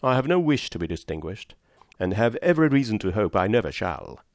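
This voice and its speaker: A man's voice: on the low side, big pitch swings, brisk, dry recording. Man doing a reserved young gent, mild and dry, close mic. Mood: wry. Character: reserved, mildly teasing young gentleman.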